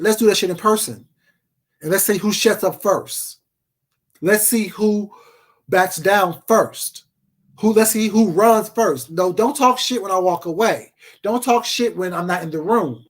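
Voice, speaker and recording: A man with a notably high voice delivers a profane, confrontational rant straight to camera. He is combative and talks to his viewers casually, as if they are sitting across from him. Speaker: vlogger.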